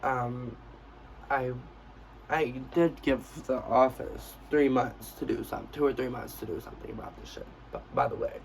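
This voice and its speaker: A man's voice: medium pitch, fairly even intonation, normal speed, vocal fry, distant mic, slight background noise, poor audio. A young man telling a storytime vlog in a brash, profane, casual way, acting out what he said. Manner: brash, profane, acts out quotes of himself. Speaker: vlogger.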